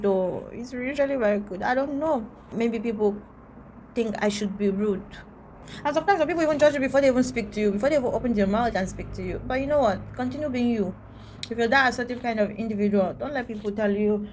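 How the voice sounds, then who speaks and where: Woman, vlogger, average pitch, blunt and emphatic rant to camera, hammers her points home. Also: fairly quick, a little mellow, slight background noise. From Antigua.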